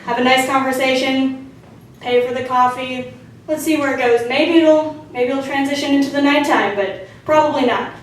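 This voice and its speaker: Young woman comic, high voice, deadpan crude delivery, heard from far off in a very echoey hall. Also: moderate pace, a little hiss or hum. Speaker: stand-up comedian. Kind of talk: stand-up set. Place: theatre stage. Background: audience laughter.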